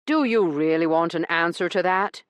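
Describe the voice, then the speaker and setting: A woman doing Corbin, a stern sarcastic gentleman. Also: fairly low pitch, moderate pace, smooth, dry recording, natural voice. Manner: lecturing, dry sarcasm. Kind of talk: audiobook character reading.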